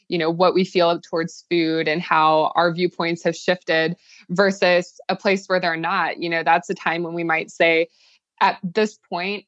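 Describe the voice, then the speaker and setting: A woman guest on a podcast answers in long, measured sentences. Her voice sits on the lower side and comes through dull, lo-fi audio. The sound is dry, with no room echo. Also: fairly bright tone. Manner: measured, thoughtful, fluent explanations. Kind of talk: explaining in a podcast interview.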